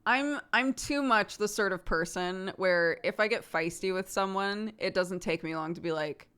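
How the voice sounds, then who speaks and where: A woman's voice: medium pitch, moderate pace, fairly bright tone, clear, resonant tone. A woman livestreamer chatting casually with her viewers, teasing and self-mocking and laughing often.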